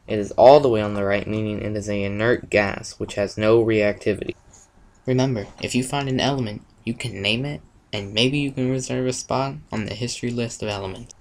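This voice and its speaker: A man presenting a school science project, reading a prepared explanation in a steady, step-by-step way. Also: on the low side, brisk, poor audio.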